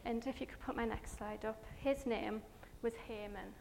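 A high-voiced woman tells a Bible story in an animated, chatty way, talking over her slides. She speaks with frequent fillers and turns to the listeners with asides, over a faint hiss of noise. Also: normal speed, vocal fry.

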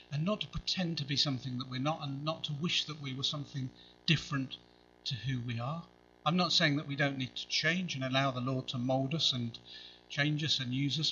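A man's voice: medium pitch, sharp tone, muffled recording, slight background noise. A man preaching a sermon in a conversational way, with wry asides.

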